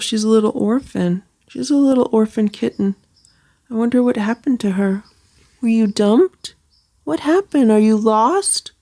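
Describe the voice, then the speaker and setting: A woman filming a casual vlog about a rescued kitten, talking softly and soothingly as she narrates, indoors beside a cage. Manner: soothing, coaxing, switches to high sing-song baby talk for the kitten. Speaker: cat rescuer vlogger.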